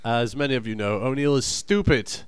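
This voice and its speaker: A man's voice: medium pitch, fairly quick, clean tone, no room sound. A young man co-hosting a comedy podcast, bantering in a teasing, crude way. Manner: teasing and crude, trash-talking. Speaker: podcast co-host.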